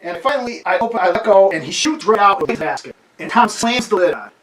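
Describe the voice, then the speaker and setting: Animated man in his sixties, quick storyteller. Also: sits high, crowd noise, rough recording. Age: 60s. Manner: animated, laughs often, acts out scenes. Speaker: amateur radio hobbyist. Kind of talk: casual storytelling. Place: home with a wood stove.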